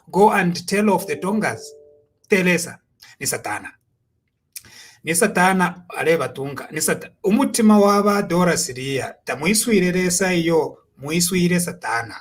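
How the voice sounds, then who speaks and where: A male host commenting on listener messages in a steady manner. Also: sits high. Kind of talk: commentary talk show.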